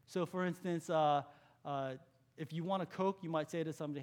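A California man preaches briskly, his slightly high voice holding a steady tone. Speaking conversationally as a pastor, he questions his listeners and softens to a hush when making key points.

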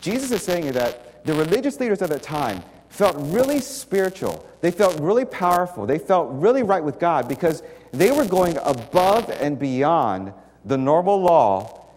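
A man's voice: a little high, a little mellow. A man preaching a sermon with slides in a conversational, emphatic way, often repeating key words. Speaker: pastor. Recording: faint hall reverb and light noise.

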